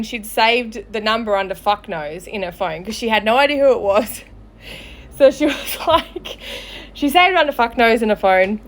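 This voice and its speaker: A woman's voice: on the high side, a bit bright. A young woman telling a funny story in casual chat, chatty, swearing freely, laughing often and acting out other people's lines. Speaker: storyteller on a live show.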